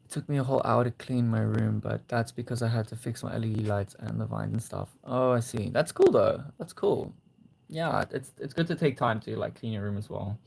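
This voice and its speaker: A young man hosting a casual livestream, reading viewer comments and gently encouraging them. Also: lowish voice, fairly quick, vocal fry, breathy edge. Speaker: livestream host.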